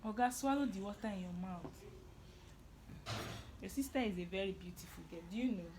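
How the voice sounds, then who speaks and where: A woman's voice: medium pitch, fairly quick, noisy background. A young Nigerian woman at home, teasing and doting on her small children in casual family chat, in a Nigerian English accent. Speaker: mother and family vlogger.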